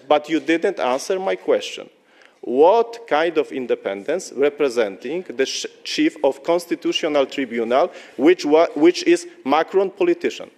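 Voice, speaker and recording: A man from Poland, speaking halting, repetitive, formal English at a press conference. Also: a little high, lively intonation, darkish tone, big-room sound.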